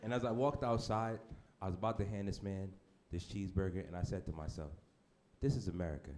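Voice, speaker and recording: A brash stand-up comedian performs a set on a comedy club stage, speaking fast in a low voice. His delivery is deadpan and shocking, with asides to the crowd, and the noisy live recording carries audience laughter.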